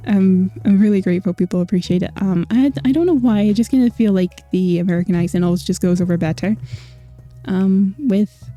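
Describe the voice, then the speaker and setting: A woman's voice: mid-range voice, brisk, dark tone, no room sound, highs cut off, faint music behind. A young Scottish woman streaming, chatting casually with viewers and laughing often. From Scotland. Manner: chatty, laughing, filler-heavy.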